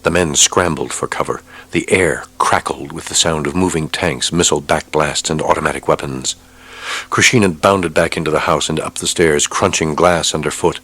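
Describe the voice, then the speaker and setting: Deep-voiced male audiobook narrator. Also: normal speed, a bit bright, husky. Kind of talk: scripted narration.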